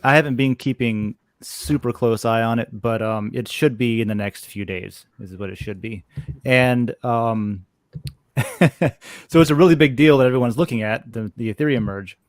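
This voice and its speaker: A man's voice: medium pitch, normal speed, dry recording. Chill guy with ums, dry close sound, casual show chat. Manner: laid-back, hesitant, trailing off.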